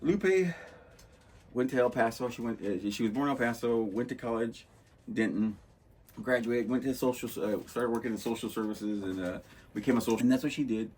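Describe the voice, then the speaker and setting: This podcast host has a medium-pitched, brisk voice with a darkish, slightly rough tone. He chats casually about movies, rambling through stories and acting out lines in a loose, laid-back way.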